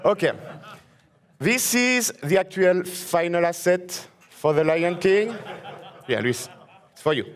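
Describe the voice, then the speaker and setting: A man's voice: high voice, sing-song, measured pace, long pauses. A young man from France speaking English with a French accent, presenting on a conference stage in a joking, enthusiastic way. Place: conference stage before a live audience.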